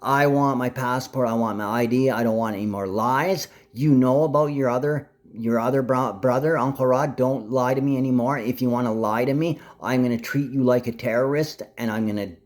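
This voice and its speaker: A man delivering a rambling monologue to camera, full of restarts, swinging from low grumbling to sudden high outbursts. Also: fairly even intonation, a little fast, few pauses. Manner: frequent restarts and half-finished sentences. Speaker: vlogger.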